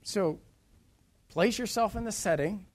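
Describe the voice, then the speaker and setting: A man preaching a sermon. He reads scripture in old-style wording, then retells it in plain, casual words with dramatic swings between loud and soft. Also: high-pitched, unhurried.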